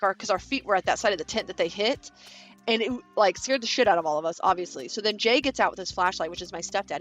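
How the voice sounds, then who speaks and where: A woman vlogger in her thirties from Kansas speaks in a medium-pitched, slightly bright voice. While building, she chats casually with viewers and drifts through a long story loaded with fillers and casual swearing.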